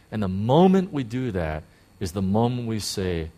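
A man pastor preaching a sermon in a conversational way, with rhetorical questions and quick acted-out quotes of churchgoers. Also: very animated, darkish tone. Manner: acts out quoted church talk in sudden high bursts.

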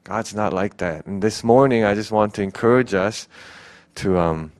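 A man's voice: fairly low pitch, normal speed, darkish tone. A young man preaching a casual, earnest sermon as a youth pastor, pleading, with many fillers and restarts.

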